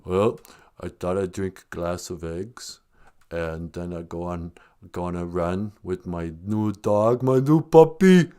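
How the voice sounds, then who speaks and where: A man impersonating a laid-back, mumbling tough-guy boxer movie star, with a low, slurred drawl. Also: takes it slowly, mellow. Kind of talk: comedic impression.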